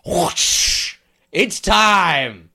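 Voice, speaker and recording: Man hamming up a booming outlaw announcer. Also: full character voice. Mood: hyped. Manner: loud, drawn-out announcing with sound effects.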